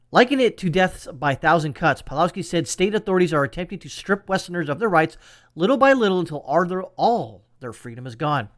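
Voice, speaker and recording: Man, commentary host, emphatic, sarcastic, ranting, slightly high voice. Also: lively intonation, fairly quick, fairly bright tone. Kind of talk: political commentary.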